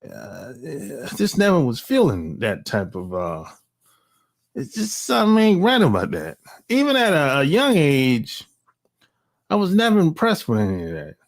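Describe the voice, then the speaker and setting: A middle-aged man hosting his own channel gives a blunt, rambling, slangy opinion monologue full of sighs, restarts and profanity. His medium-pitched voice swings hugely in pitch at a moderate pace, with noticeable vocal fry.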